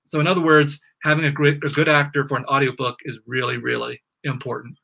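A man's voice: mid-range voice, level tone, quick pace, creaky, sharp tone, husky, dull audio. A middle-aged man, an author, talking at home in a chatty interview, with self-deprecating humor. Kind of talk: interview over video call.

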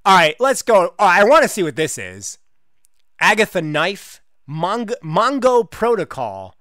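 A man hosting a gaming channel, giving casual, sarcastic commentary with loud outbursts of disbelief. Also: sits high, unhurried, no room sound, clean studio sound. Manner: animated, exclamatory, sarcastic asides. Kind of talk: casual let's-play commentary.

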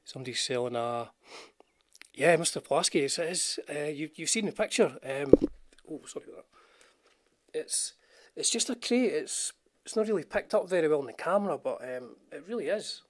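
A man's voice: on the high side, lively intonation, moderate pace, no room sound. An older man with a Scottish accent, rambling about guitars in casual live-stream chat with his viewers. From Scotland. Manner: rambling, chatty, self-deprecating, greets viewers in the chat. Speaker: guitar channel host. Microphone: wearing headphones with a desk mic.

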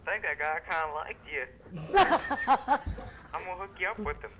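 A man's voice: on the high side, moderate pace. A man in playful, mock-dramatic banter, teasing others on a call-in show. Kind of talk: comic banter and prank voices. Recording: noisy with clicks.

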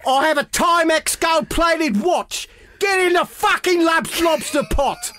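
A man voicing a violent, foul-mouthed male rapper who is mistaken for a waiter, in a put-on Australian accent, shouting abuse. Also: extremely high pitch, a little slow, slight background noise, voice pushed up, exaggerated voice. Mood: boastful. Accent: attempted Australian. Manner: aggressive, swearing, shouting.

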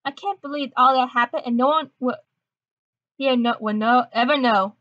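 A woman's voice: high voice, normal speed, a bit bright, no echo. A woman narrating a story game and adding self-mocking asides, on a dull lo-fi recording. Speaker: YouTuber reading a story game.

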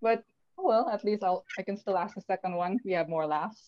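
A woman from the Philippines asks questions on a video call, pausing often and filling gaps with ums and likes. Her audio sounds dull and dry, with no room sound. Her pitch sits in a middle range. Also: no echo. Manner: hesitant, many fillers. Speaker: fan asking questions. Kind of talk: casual video chat. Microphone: video call mic.

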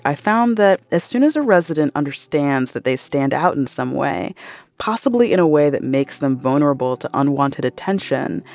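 A woman host giving scripted narration in a measured, explanatory way. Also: sits low, a little mellow. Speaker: podcast host.

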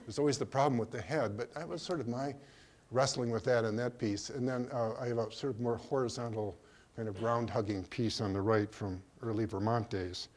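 An older man giving a slide lecture on his own work, speaking in a hesitant way with many pauses and restarts. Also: medium pitch, steady tone. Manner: hesitant, full of ums and restarts. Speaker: artist giving a museum talk.

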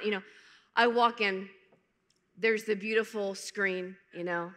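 Bright-voiced woman in a reverberant hall. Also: mid-range voice, measured pace. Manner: animated, humorous storytelling, acting out quotes. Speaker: conference speaker. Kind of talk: testimony talk to a large audience. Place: large conference hall.

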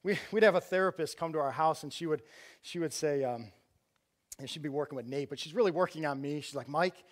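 A middle-aged church outreach director preaches fast in a slightly high voice. His sermon is conversational, built around rhetorical questions, and he often starts his sentences again.

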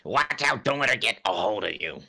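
A man playing a grouchy little cartoon creature with a gravelly, bright edge. He whines, panics and snaps insults, and his pitch swings hard from line to line. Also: animated, fairly quick, heavily acted. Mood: panicky. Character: grumpy greedy little cartoon bone man.

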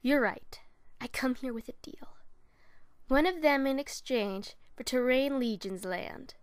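A woman voicing a sly, slow-talking villain. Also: high-pitched, smooth, no room sound. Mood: scheming. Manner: slow, drawn-out delivery. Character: sly scheming villain, evil chuckle. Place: bedroom.

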